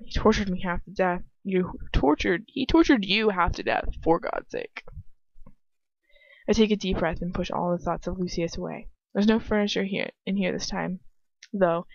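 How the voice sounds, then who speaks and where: Gravelly woman reading a story aloud. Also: fairly low pitch, no echo. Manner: breaks off to laugh and comment on the text. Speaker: fan fiction reader. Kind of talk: reading aloud with casual asides. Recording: dull, dry home recording.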